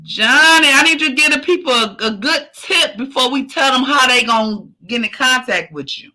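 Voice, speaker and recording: An animated woman with a high, pushed, bright voice talks a little fast as she closes out her podcast with a fired-up motivational speech on a rough recording. Each point gets repeated many times in her preachy, slangy encouragement, with the odd curse word thrown in.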